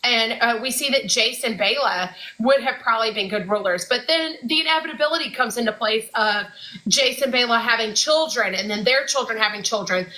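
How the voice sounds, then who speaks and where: A woman's voice: on the high side, a little fast, sharp tone, poor audio. A woman co-hosting a casual fan podcast, talking in a chatty way with lots of fillers. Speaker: podcast co-host.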